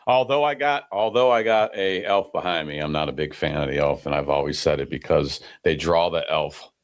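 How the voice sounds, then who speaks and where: A man co-hosting a casual sports podcast, blunt and quick to get heated about players. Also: a bass voice. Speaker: podcast co-host.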